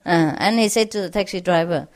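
A woman's voice: on the low side, a little fast. A woman telling jokes to an audience, laughing through her punchlines and acting out the characters' lines. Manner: acts out characters' lines in quoted voices. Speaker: joke teller.

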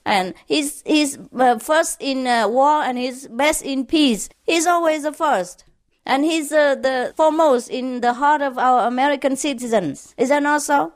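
A woman's voice: sits high, a little slow, no room sound, clean studio sound, pitched above the performer's own voice. A woman voicing a teammate who makes an earnest, persuasive argument. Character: eager teammate making a proud argument.

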